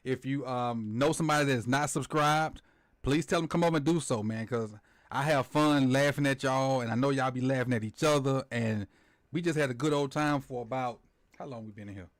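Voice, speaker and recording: A man's voice: medium pitch, fairly quick, no echo, studio quality. A man hosting a livestream in a playful, loose, repetitive casual chat at a desk microphone. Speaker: livestream host.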